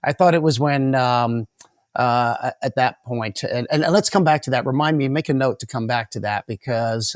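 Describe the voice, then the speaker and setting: A man's voice: medium pitch, normal speed, no room sound, studio quality. A man as an interview guest, telling rambling stories with many restarts and repeated words. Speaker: guest mentalist. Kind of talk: storytelling interview answers.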